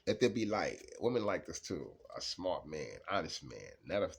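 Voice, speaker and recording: A man giving a casual, rambling tarot card reading, laughing often and swinging between low mutters and loud bursts. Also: very animated, normal speed, creaky.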